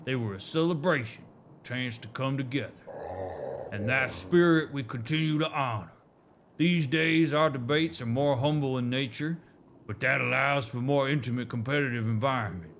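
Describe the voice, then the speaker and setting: A man's voice: mid-range voice, normal speed, fairly bright tone, a little hiss or hum, lightly acted. A man voicing a dignified male creature elder with a put-on Southern drawl, speaking in grand, solemn tones. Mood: wistful.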